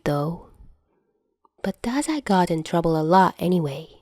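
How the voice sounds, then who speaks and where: A woman narrating fan fiction as a podfic reader, soft and hushed, often dropping into whispers. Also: on the low side, no echo.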